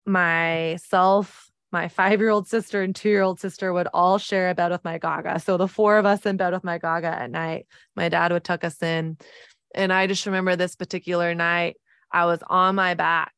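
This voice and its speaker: A woman in her thirties with a lowish, fairly bright, clean voice hosts a podcast, telling a personal story earnestly and reflectively with lots of "like" fillers. The recording is dry and studio quality.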